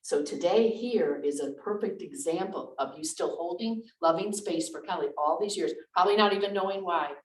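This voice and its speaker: A woman minister speaks in a lowish voice at a moderate pace with few pauses, delivering a conversational lecture full of her own stories. She's candid and talkative, often restarting and adding asides. The audio comes from an echoey church lecture room through a distant mic.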